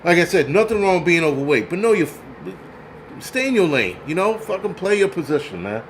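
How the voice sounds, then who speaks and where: A man's voice: sits high, big pitch swings, brisk, slight background noise. A man hosting his own channel, ranting bluntly and profanely in casual commentary with many restarts. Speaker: channel host.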